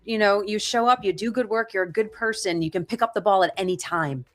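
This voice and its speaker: A woman's voice: mid-range voice, a little fast. A middle-aged woman, an acting career coach and podcast guest, telling stories with energy and emphasis in a casual chat.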